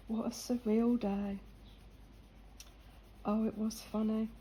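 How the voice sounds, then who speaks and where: A woman's voice: a little high, warm tone, a little hiss or hum, rough recording. An older woman, chatting casually and laughing as she tells a story while colouring.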